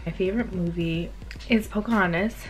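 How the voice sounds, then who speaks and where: A woman's voice: medium pitch, a little fast, soft background music. A young woman vlogging casually while she eats, chatty and gushing, with lots of ums and likes. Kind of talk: casual vlog chat while eating.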